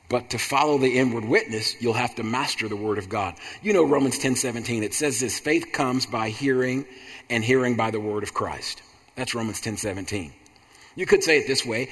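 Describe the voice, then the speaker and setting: A man's voice: medium pitch, brisk, a bit bright, slightly rough. A man preaching a sermon in a repetitive, rhythmic cadence that builds to emphatic bursts. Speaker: pastor. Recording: long hall reverb.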